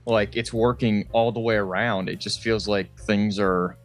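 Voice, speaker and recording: A man's voice: on the low side, fairly even intonation, measured pace, faint music behind. A man co-hosting a podcast, rambling through casual chat, swearing often and laughing a lot. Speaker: podcast co-host.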